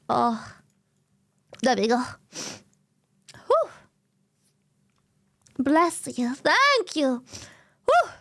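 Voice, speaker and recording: High-voiced German-accented woman streamer. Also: creaky, no room sound, studio quality. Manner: animated, slangy, swears freely. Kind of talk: casual stream chat.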